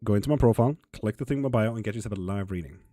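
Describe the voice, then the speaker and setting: Guy doing a live tarot stream, reads chat out loud and answers, low dark husky voice, kinda loose and sweary. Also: very fast, no echo, studio quality. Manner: reads viewer comments aloud and answers them, swears casually. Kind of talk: casual livestream chat reading comments.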